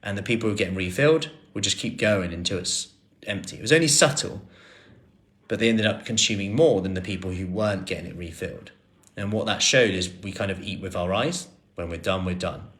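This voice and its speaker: This personal trainer, a man in his thirties, speaks in a low voice and a little fast as he fields viewer questions on a live stream. His manner is easygoing, with lots of fillers and restarts.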